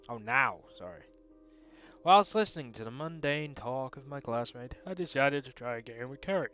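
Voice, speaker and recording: A man reading a visual novel aloud in earnest first-person narration. His voice sits at an ordinary pitch for a man, and faint music plays under it. He breaks off now and then for dry asides. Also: expressive, normal speed, a bit bright. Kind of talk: dramatic read-aloud narration.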